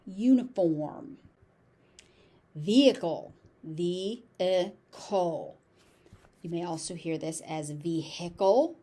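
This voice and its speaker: A woman with a General American accent teaching pronunciation, saying each word several times slowly and deliberately. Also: fairly low pitch, animated, warm tone, husky. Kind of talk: slow, carefully articulated pronunciation lesson.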